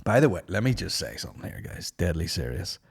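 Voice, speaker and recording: Male podcast host, lowish voice, swears freely, lively casual banter. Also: fast, creaky, husky. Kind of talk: casual chat.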